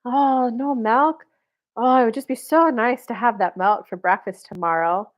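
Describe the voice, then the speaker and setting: A woman's voice: a little high, moderate pace, muffled recording, lightly acted. A woman voicing a sweet, patient young wife who asks nicely and keeps repeating her wish in a sugary, pleading way. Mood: sweetly pleading.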